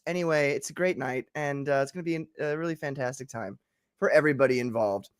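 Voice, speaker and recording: High-voiced jokey male stream host. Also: fast talker, bright, forceful tone, no room sound, studio quality. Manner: jokey, laughs often, trips over words. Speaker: talk show host. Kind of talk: casual live-stream chat.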